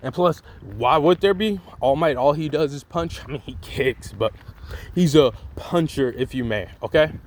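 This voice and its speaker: A man's voice: on the high side, normal speed, slight background noise. A man telling a fan-made what-if story in casual, slangy, profane rambling.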